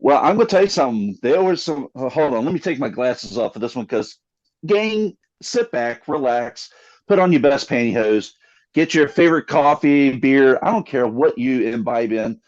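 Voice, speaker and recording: A man co-hosting a casual podcast, animated and joking, with lots of fillers. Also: medium pitch, moderate pace. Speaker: podcast co-host. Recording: slightly dull lo-fi mic.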